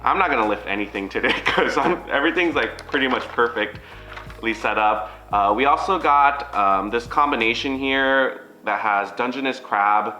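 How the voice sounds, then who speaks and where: A man co-hosts an eating show with a bright, forward voice, talking viewers through each dish in an easy, chatty way. His voice carries a roomy echo, with faint music playing underneath. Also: medium pitch, moderate pace. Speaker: mukbang co-host. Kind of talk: casual chat.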